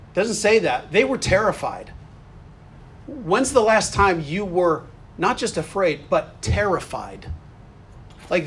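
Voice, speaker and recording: High-voiced man preaching earnestly. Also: a little hiss or hum. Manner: earnest, conversational preaching with bursts of animated energy. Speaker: pastor. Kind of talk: sermon.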